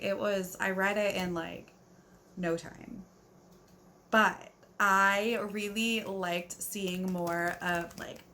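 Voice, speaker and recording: Slow-talking chatty woman book vlogger. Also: mid-range voice, sharp tone. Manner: chatty and gushing, fills speech with "like"; yawning, talking at bedtime. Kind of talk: casual reading vlog chat.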